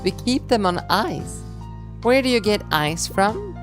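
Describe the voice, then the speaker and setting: A woman's voice: mid-range voice, sing-song, measured pace, soft background music. A woman streaming a story game, reading every character's lines aloud in playful voices and laughing between them.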